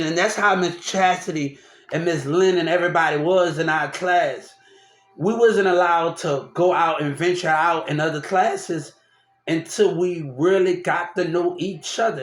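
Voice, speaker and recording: A young man rambling through a personal story, repeating himself and restarting often. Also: high voice. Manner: repetitive, restarts often, animated. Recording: roomy echo.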